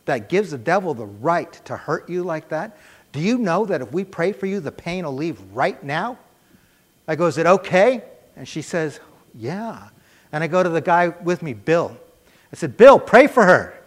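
A middle-aged man preaching a sermon in a conversational, animated way, telling a personal story and acting out the voices in it. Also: fairly high pitch, moderate pace. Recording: reverberant church hall.

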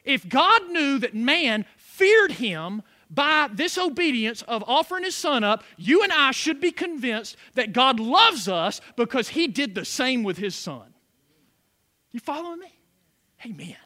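A man's voice: extremely high pitch, very animated, unhurried, sharp tone. A man preaching a sermon as pastor, with call-and-response asides to the congregation.

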